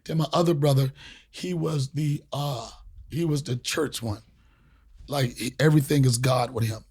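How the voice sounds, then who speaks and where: This man, a D.C.-area podcast host, speaks at a moderate pace in a husky, medium-pitched voice. He animatedly relates a lengthy tale in casual conversation, cursing often and performing the characters' voices.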